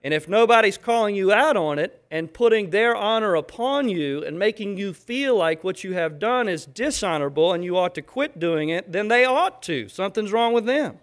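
A man with a high-pitched voice preaching a sermon. He speaks emphatically and with animation, now and then acting out little scenes to make his point. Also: lively intonation, normal speed, few pauses.

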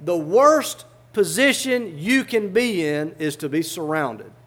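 A man's voice: sits high, lively intonation, slow pace, fairly bright tone. A man preaching a sermon, fervently reading old scripture aloud and explaining it in plain everyday words.

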